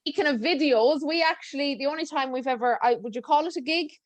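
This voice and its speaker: An Irish woman with a slightly high voice hosts a casual podcast chat. She is chatty and friendly, chiming in quickly and agreeing often. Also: a crowd in the background. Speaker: podcast host.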